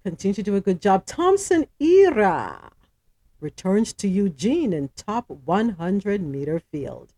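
A woman's voice: mid-range voice, normal speed, hardly any pauses, warm tone, no echo. A woman hosting a news podcast, reading stories aloud and adding her own chatty comments and questions. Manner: chatty, asks co-hosts questions, stumbles over names.

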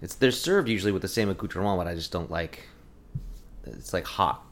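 A man's voice: low voice, lively intonation, fairly quick, a bit bright. A man chatting on a podcast in a laid-back, rambling way, laughing easily and saying "like" a lot. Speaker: podcast co-host and guest. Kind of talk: casual chat.

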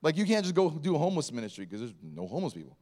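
High, lively-voiced pastor preaching. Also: male voice, very fast. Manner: animated, storytelling, self-deprecating humor. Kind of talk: sermon with personal stories.

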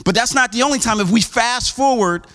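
High-voiced man preaching a sermon. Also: a little fast, sharp tone. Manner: conversational preaching with many restarts and asides; acts out quoted voices with big pitch jumps. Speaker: pastor.

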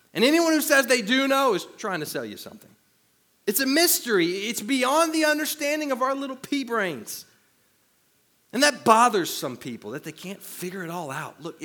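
A male pastor preaching a sermon in an animated way, with self-deprecating humor. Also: high-pitched.

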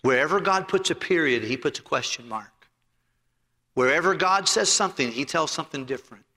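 A man preaching a sermon as pastor, telling stories from the pulpit, rising to loud emphasis and dropping to quiet asides. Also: a little high, animated, fairly quick. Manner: preachy and anecdotal, swings between loud emphasis and soft asides. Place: church sanctuary. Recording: long hall reverb.

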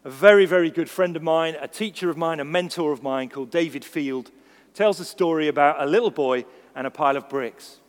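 A man preaching a sermon, lively and acting out the voices in his stories. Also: a little high, brisk. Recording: long reverb of a church hall.

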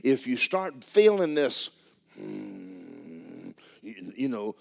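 A man preaching a sermon, swinging from loud, excited storytelling to low, hushed tones. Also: unhurried. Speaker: pastor. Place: church sanctuary.

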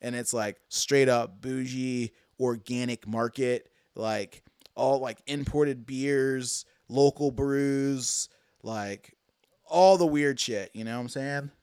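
A man's voice: mid-range voice, takes it slowly, darkish tone, clean tone, no echo, clean studio sound. A man hosting a casual chat, laid-back and slangy.

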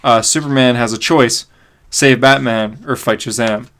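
A man co-hosting a casual comic book podcast, recapping the plot with excitement. He talks at a middling pitch with plenty of fillers and little laughs. The delivery is loose and conversational. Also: unhurried. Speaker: podcast co-host.

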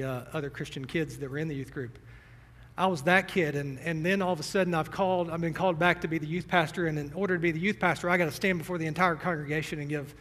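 A young man preaching in a church sanctuary, his fairly high voice carrying through a long, echoing hall. He speaks to the congregation directly and earnestly. He sounds a little teary and emotional. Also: a bit bright. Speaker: pastor. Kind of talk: sermon.

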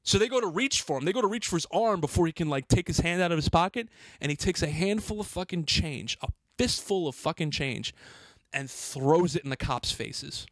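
Excitable high-voiced storytelling man. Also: fairly quick, dry recording. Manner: heated, profane, excitable. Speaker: podcast host.

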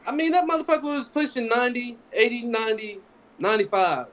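A man's voice: very high voice, fast, a bit bright, poor audio. A man in his forties, co-hosting a casual podcast and telling rambling, profane anecdotes while acting out what other people said. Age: 40s. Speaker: podcast co-host. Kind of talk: casual storytelling.

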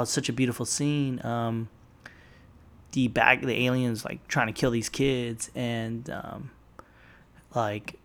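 Gravelly, rambling young podcast host. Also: male voice, mid-range voice, a bit bright. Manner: rambling, loose and profane, with many fillers. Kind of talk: casual solo podcast chat.

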